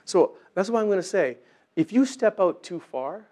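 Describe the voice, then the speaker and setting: A man preaching a sermon, animated and acting out voices in his Bible stories. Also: high voice, normal speed.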